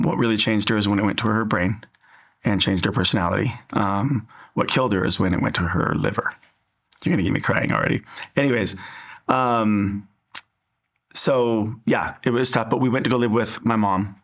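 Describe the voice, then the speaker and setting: A man's voice: fairly low pitch, a bit bright. A man from Southern California, an interview guest, giving an earnest, reflective personal faith testimony.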